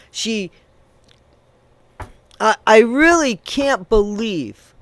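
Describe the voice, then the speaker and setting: A fairly high-pitched man delivers an indignant true crime rant straight to his audience. He swings from loud, emphatic bursts to low muttering. The sound is dry and close, with no room echo. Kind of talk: ranting commentary to camera.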